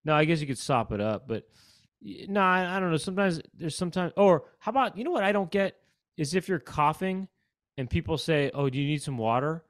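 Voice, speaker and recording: A man's voice: high-pitched, lively intonation, a little fast, dry recording, studio quality. A man co-hosting a comedy podcast, rambling through casual chat and breaking into silly sneeze bits. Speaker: podcast co-host.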